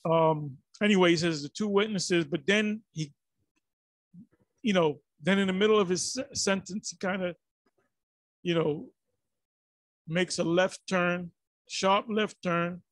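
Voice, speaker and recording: A man's voice: sits high, a little slow, long pauses, no room sound. A man giving rambling, exasperated commentary on a religious video, full of restarts and fillers.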